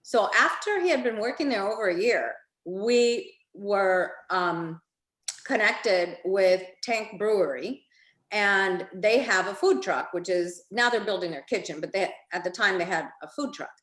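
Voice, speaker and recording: Female moderator, soft-spoken and hesitant, closing a webinar panel, roomy video call sound. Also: medium pitch, lively intonation, unhurried. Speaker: foundation leader, roundtable moderator. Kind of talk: webinar roundtable storytelling.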